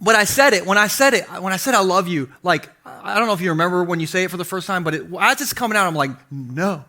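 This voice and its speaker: A man in his forties preaching a lighthearted sermon. His voice sits high and sounds bright and forceful. He acts out his own stories with a lot of animation. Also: quick pace. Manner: animated, self-deprecating, acts out quotes. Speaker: pastor. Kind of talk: humorous storytelling sermon. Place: church stage before a congregation.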